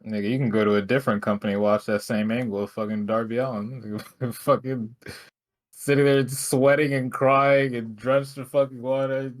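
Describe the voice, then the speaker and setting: A man's voice: medium pitch, fairly even intonation, moderate pace. A man co-hosting a podcast, rambling profanely with lots of filler words. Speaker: podcast co-host. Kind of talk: casual chat.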